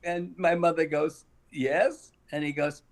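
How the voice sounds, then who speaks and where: An older man holds the floor as an interview guest, telling a behind-the-scenes story in an animated way. He chuckles often and acts out the lines people said. His voice sits at an everyday middle pitch. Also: normal speed. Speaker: guest actor.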